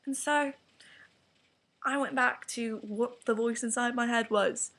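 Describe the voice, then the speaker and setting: A teenage girl with an English accent rants straight to camera in a casual vlog. Her voice sits a little high and has a gravelly, breathy texture. She rambles frankly, leans on "like" and drops into whispered asides. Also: fairly even intonation, slow pace, fairly bright tone. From England. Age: teens. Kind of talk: candid vlog rant to camera.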